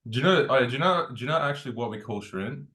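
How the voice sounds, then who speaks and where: A man's voice: mid-range voice, lively intonation, racing, sharp tone. A man with an Australian accent co-hosting a podcast, upbeat and laughing often. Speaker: podcast co-host. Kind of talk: casual podcast chat.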